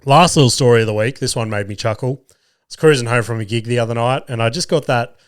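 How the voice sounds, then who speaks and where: A man's voice: medium pitch, fast talker, clean tone. Swearing Australian man telling stories. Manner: swears freely, animated retelling with voiced quotes. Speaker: podcast host. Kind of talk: casual storytelling.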